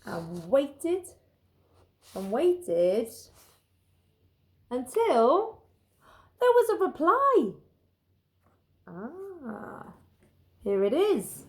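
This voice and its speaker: Teacher reading story time, slow, sing-song, a touch high. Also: female voice. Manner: gentle, expressive, pauses to comment on pictures. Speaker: teacher reading a picture book. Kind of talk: children's story time narration.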